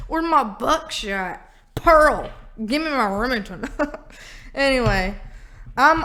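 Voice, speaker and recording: A woman's voice: medium pitch, a bit bright. A woman doing a casual tarot reading vlog, irreverent and profane, laughing often. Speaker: tarot reader.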